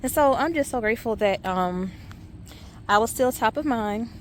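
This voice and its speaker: A middle-aged woman, a high school teacher chatting casually to camera in her classroom, calling viewers y'all. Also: lively intonation, moderate pace, slight background noise. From Savannah, Georgia. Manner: chatty, addresses viewers as y'all, many ums. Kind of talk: casual vlog chat to camera.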